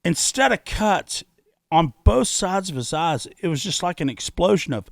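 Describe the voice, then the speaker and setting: A middle-aged man co-hosting a podcast, telling a story in a loud, profane way and repeating his key words for emphasis. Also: high voice, expressive, normal speed, vocal fry, background noise. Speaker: podcast co-host. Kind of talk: casual podcast chat. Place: podcast studio.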